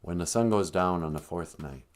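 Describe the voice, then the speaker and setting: A man's voice: deep voice, normal speed, pitched below the performer's own voice, natural voice. A man voicing a stern elderly grandfather who speaks in a solemn, commanding way.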